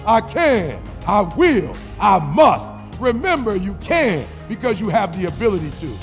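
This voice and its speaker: A man giving an energetic motivational commencement speech in a call-and-response style, with playful sound effects. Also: high-pitched, long reverb tail. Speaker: motivational speaker.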